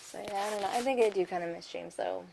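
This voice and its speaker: A woman's voice: medium pitch, quick pace, vocal fry, background noise. Rambling young mother vlogging at home. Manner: rambling, many fillers like "you know". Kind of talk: reflective home vlog.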